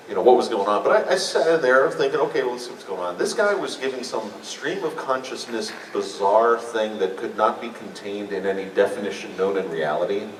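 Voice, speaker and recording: A man on a convention panel telling a rambling, animated story to a live audience. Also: lowish voice, a little hiss or hum. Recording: echoey room mic from far off.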